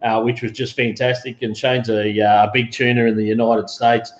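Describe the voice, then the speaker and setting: A man's voice: medium pitch, level tone, normal speed. An Australian man hosting a live show, chatting in a laid-back, matey, rambling way. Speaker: show host. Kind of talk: casual live-stream chat. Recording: roomy lo-fi sound.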